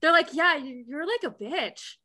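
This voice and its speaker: Casting: young woman, high bright voice, rambling animated storyteller, podcast chat. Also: moderate pace. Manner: animated storytelling, lots of "like" fillers. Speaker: podcast co-host. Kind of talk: casual chat.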